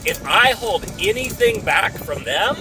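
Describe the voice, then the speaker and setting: A man's voice: high voice, big pitch swings, measured pace, far from the mic, background noise. A man talking through a business idea in a loose, thinking-aloud way, often restarting his sentences. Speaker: speaker sharing a business idea. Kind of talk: casual thinking-aloud monologue.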